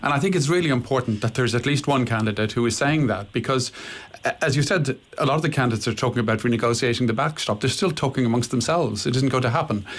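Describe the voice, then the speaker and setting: Quick, earnest male pundit arguing his point on a panel. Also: medium pitch, fairly bright tone. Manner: earnest, argumentative. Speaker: panel guest. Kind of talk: radio panel discussion.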